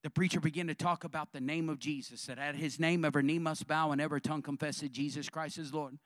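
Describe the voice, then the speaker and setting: A man, a pastor, preaching a sermon with animated storytelling and fervent calls to the congregation. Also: on the high side, fast talker, no echo, studio quality.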